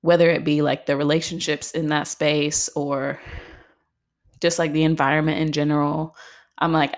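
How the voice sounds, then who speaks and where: A woman's voice: low-pitched, level tone, normal speed. A young pregnant woman, out of breath, talking in a rambling casual monologue full of fillers and small laughs. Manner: rambling, heavy use of "like", laughs often. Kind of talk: casual personal vlog monologue.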